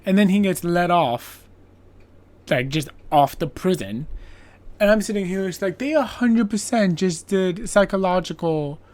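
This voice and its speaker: This is a podcast host recapping a movie in a casual, rambling way. The talk is peppered with "like" and mild profanity, and the pitch sits in the middle. Characters' lines get acted out in quick quoted bits. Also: expressive, a little mellow. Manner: chatty, profane, lots of filler "like".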